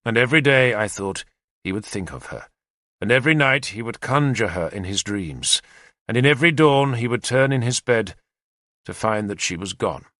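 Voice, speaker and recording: A man narrating a historical novel in first person, measured and expressive. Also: mid-range voice, no echo, clean studio sound. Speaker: audiobook narrator.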